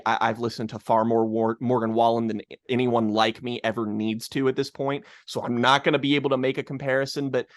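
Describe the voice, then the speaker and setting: A man's voice: medium pitch, no echo. Ranting profane podcast man, dry sound. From Kentucky. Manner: ranting, profane, full of restarts and stammers. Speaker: podcast co-host. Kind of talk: casual opinionated music-review chat.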